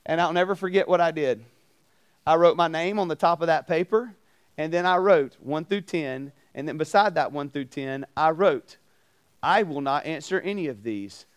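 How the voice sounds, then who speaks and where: A man preaching at a campus ministry, telling a story with animated acted-out voices and questions to his listeners. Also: fairly high pitch, normal speed, clear, resonant tone. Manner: animated, acts out voices in anecdotes, asks the crowd questions. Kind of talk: storytelling sermon. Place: campus ministry meeting room.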